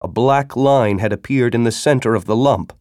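A man narrating a story in a dramatic reading style, breaking into urgent, shouted dialogue. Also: medium pitch, normal speed, dry recording, clean studio sound. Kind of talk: audiobook narration.

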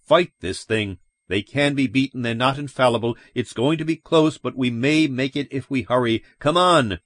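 A man's voice: mid-range voice, normal speed, fairly bright tone, no echo, natural voice. A man voicing a tense, urgent middle-aged husband and father in an audiobook, talking in an insistent, commanding way. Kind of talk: audiobook character voice.

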